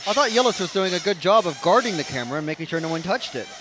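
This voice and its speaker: A man's voice: high-pitched, lively intonation, rapid-fire, background noise. A man giving casual, rambling live race commentary with lots of fillers. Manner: chatty, rambling, with frequent fillers. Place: outdoor racetrack, trackside.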